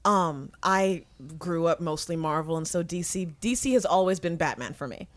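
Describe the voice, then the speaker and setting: Thoughtful woman with a lower voice. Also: expressive, moderate pace. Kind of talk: casual podcast chat.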